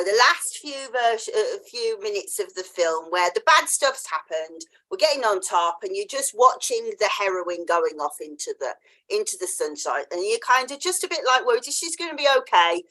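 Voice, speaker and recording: A woman hosting a podcast interview chats casually and tells a story, acting out the voices she quotes and laughing often. Her mid-range voice is very animated, pushed and bright, at a moderate pace.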